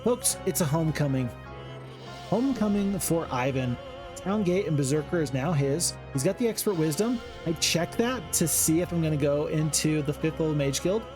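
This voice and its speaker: A man commentating his own strategy-game playthrough late at night, chatty and jokey with sudden excited outbursts. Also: on the high side, normal speed, over music. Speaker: gaming commentator. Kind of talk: casual let's-play commentary.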